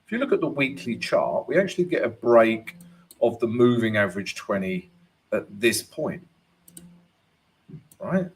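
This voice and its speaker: A man's voice: medium pitch, lively intonation, measured pace, pauses often. A man hosting a live trading lesson, casual and chatty, often checking in with "right?" and addressing viewers as guys. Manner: laughs at his own jokes. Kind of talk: live chart analysis and viewer Q&A.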